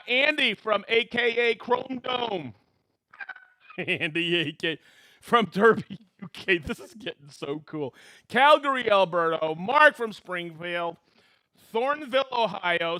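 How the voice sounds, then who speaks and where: A man's voice: high-pitched, expressive, sharp tone. A man hosting a live stream, cheerfully greeting viewers by name and hometown. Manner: upbeat, reads out viewer names and hometowns with quick greetings and laughs.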